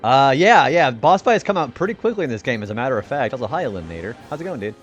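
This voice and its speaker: A man's voice: medium pitch, sing-song, fast talker, highs cut off, faint music behind. A young man doing laid-back commentary on a game live stream, chatting with viewers and laughing often.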